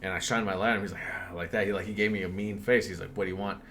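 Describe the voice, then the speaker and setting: A man's voice: deep voice, fairly even intonation, rapid-fire, a bit bright, slight background noise. A young man casually telling a spooky story on a podcast, swearing often and breaking into laughs.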